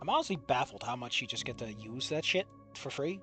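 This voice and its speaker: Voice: mid-range voice, lively intonation, brisk, a bit bright, soft background music. A streamer ranting in a profane, exasperated way and laughing often as they react on stream.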